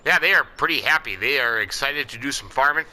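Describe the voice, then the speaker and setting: Man, farming game role-play commentary, folksy and rambling, very bright tense voice. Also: mid-range voice, expressive, fast talker, rough recording. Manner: folksy and rambling, with lots of "I tell ya" and "you know". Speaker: farming game let's-player. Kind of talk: in-character role-play commentary over gameplay.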